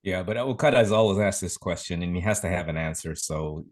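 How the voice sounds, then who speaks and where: A man co-hosting a podcast in a casual, measured way, agreeing and filling in the details. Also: low voice. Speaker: podcast co-host.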